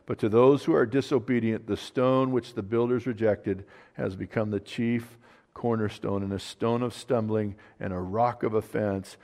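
A man preaching a sermon as pastor. He reads scripture aloud and swings from soft, low asides to loud proclaiming. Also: fairly even intonation, moderate pace, long reverb tail.

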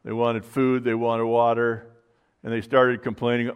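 A male pastor preaching in a loose, conversational way. He often stops to restart a phrase and fills gaps with "you know". His voice sits at an ordinary middle pitch. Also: little pitch movement, unhurried, clear, resonant tone. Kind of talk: sermon.

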